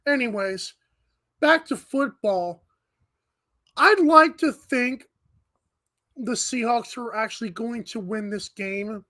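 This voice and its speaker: High-voiced woman co-hosting a sports show. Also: bright, forceful tone. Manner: breezy, jokey, quick asides. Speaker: co-host. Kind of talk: casual sports betting chat.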